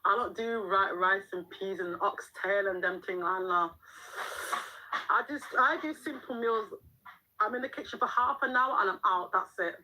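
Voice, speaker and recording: A middle-aged mum hosts a live stream, chatting frankly, laughing often and reading out viewer comments. Her voice sits in the mid range with a sharp edge, and she speaks at a moderate pace. The audio quality is poor.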